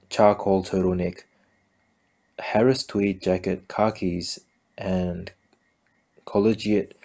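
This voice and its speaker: A man's voice: deep voice, a little mellow. A man reading a novel aloud, often tripping over words and correcting himself. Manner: stumbling, frequent self-corrections. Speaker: amateur audiobook reader.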